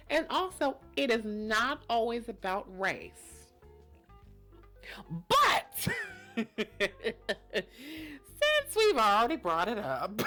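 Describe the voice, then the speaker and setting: A woman hosting a podcast in a casual monologue, sassy and slangy, laughing often. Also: medium pitch. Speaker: podcast host.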